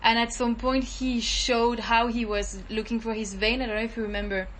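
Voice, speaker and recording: A woman's voice: on the high side, flat delivery, moderate pace, a crowd in the background, poor audio. A woman researcher talking through her focus group notes in a thoughtful, casual way. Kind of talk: casual debrief chat.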